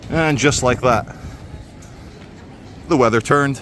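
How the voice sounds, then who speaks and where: A man's voice: medium pitch, lively intonation, moderate pace, pauses often, a bit bright, a little hiss or hum. A man talking casually while vlogging on city streets with a handheld phone, rambling with sardonic asides. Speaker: vlogger host. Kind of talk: casual walking vlog narration. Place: outdoors on city streets and in a mall.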